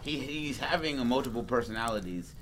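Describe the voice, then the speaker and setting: A man's voice: mid-range voice, lively intonation, brisk, fairly bright tone, a little hiss or hum. A man casually chiming in on a story with short comments and agreement. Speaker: co-host. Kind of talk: casual chat.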